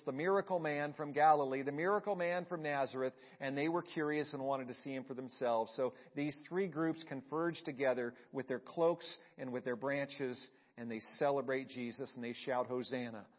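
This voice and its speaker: A male pastor preaching a sermon, asking the congregation questions and swinging between hushed and loud delivery. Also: on the high side, dull audio. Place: church sanctuary.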